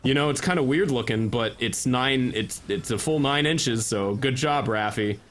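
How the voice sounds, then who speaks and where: A man's voice: medium pitch, normal speed, a bit bright. A young man co-hosting a gaming stream, trading sarcastic, profane banter and slipping into mocking voices. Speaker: co-host. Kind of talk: casual chat while gaming.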